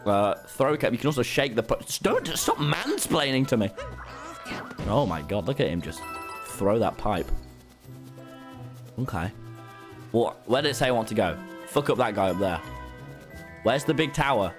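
A man streaming a game live, excitable and swearing as he jokes with his chat. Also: medium pitch, normal speed, pauses often, faint music behind. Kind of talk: live gameplay commentary.

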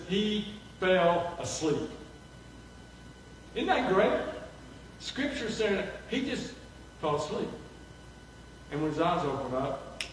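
A man preaching a sermon, animated and acting out the voices of people he quotes. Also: on the high side, a little hiss or hum. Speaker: pastor. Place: church sanctuary. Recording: echoey hall from far off.

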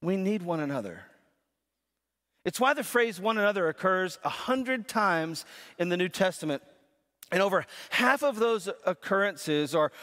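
Brief: a conversational male pastor with a fairly high voice, preaching in a church sanctuary with a long echo. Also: pushed and bright. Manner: conversational, often repeats words as he starts phrases. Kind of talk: sermon. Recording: long reverb of a church hall.

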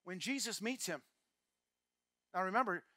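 An older man preaching a sermon as pastor, emphatic, repeating key phrases and swinging from quiet asides to shouts. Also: high voice, moderate pace, dry recording, clean studio sound. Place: church.

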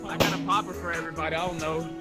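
A man playing a horror game with friends, yelling and repeating himself in excited panic. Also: fairly high pitch, very fast, loud music behind the voice. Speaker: gaming streamer. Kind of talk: excited gameplay chat.

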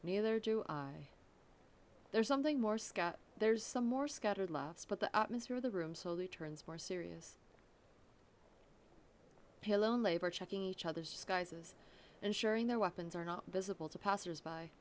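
A woman's voice: medium pitch, moderate pace. A young woman reads a visual novel's text aloud in an easy, casual way. She often stops to laugh and add her own comments on the story. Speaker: let's play narrator.

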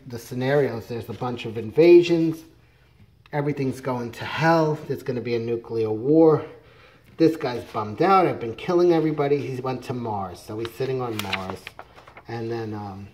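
A man's voice: mid-range voice, normal speed, a little mellow, a little hiss or hum. A middle-aged man casually retelling a comic book plot, rambling with many fillers and restarts. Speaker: comics reviewer.

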